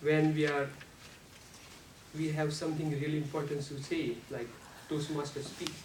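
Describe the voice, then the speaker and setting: A man giving a prepared club speech on how to use the voice, speaking slowly and deliberately with non-native grammar, and now and then showing off sudden jumps in pitch and loudness. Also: flat delivery. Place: meeting room. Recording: echoey room, speaker far from mic, faint noise.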